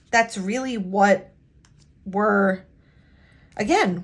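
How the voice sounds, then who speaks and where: A woman vlogger talking in a halting, emotional way while working on her planner at a home desk. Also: medium pitch. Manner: halting, emotional, many restarts. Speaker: planner vlogger and immigration attorney. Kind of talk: casual talk while decorating a planner.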